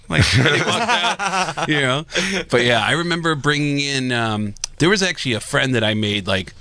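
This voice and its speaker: A man, a comedian telling road stories on a podcast in a casual, animated way, acting out the people he quotes. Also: lowish voice, dry recording.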